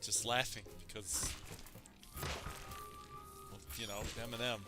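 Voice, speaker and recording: Brief: slow-talking, giggly guy playing a game, game music underneath. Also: lowish voice, little pitch movement. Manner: giggly, rambling, self-amused. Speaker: let's play gamer. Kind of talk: casual gameplay commentary.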